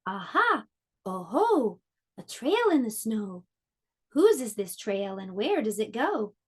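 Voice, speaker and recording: Woman reading as an eager little Gruffalo girl. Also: fairly high pitch, sing-song, slow, full character voice. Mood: curious. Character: curious brave young female Gruffalo child.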